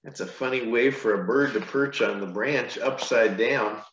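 A man, a pastor, reading a picture book aloud to children, with gentle, chatty asides between pages. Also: medium pitch, moderate pace, slight background noise. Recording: echoey room, dull lo-fi sound.

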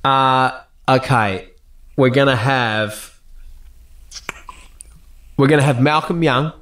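This is an Australian man in a relaxed interview, spinning stories with plenty of energy and the odd swear word. His voice sits at an ordinary middle pitch, and he laughs freely as he talks. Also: slow. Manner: animated storyteller, laughs often, swears casually. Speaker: guest actor and musician. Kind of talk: casual interview chat.

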